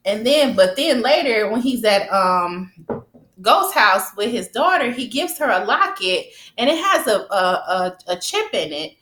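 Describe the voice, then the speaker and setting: An animated woman recaps a TV episode in loose, slangy talk and speaks straight to her viewers. Her voice sits fairly high, and she acts out the scenes with sound effects. The room around her rings with echo. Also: measured pace. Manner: talks straight to viewers in slangy casual speech. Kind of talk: casual TV recap chat.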